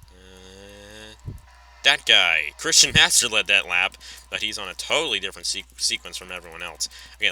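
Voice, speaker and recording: A man calling a race play-by-play, quick and chatty, often correcting himself mid-sentence and wandering into offhand asides. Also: on the low side, pushed and bright, rough recording. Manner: rapid call with self-corrections and chatty asides. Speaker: race commentator.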